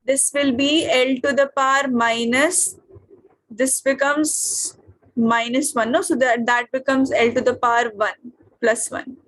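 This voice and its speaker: A woman's voice: high voice, fairly even intonation, measured pace, a bit bright. A woman with an Indian English accent teaching an online physics class, often asking her students questions to check that they follow.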